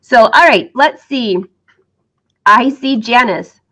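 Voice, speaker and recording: A woman's voice: on the high side, expressive, takes it slowly, pushed and bright. A middle-aged woman who teaches sewing, chatting upbeat to her viewers, laughing often and fighting the hiccups. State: has the hiccups. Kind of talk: casual chat to viewers.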